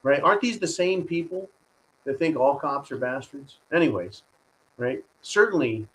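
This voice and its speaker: A man's voice: on the high side, lively intonation, moderate pace, fairly bright tone, low-quality recording. A man hosting a live stream, giving combative political commentary and reading viewer donations, often turning to his audience with "folks" and "right?". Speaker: host of a live stream show.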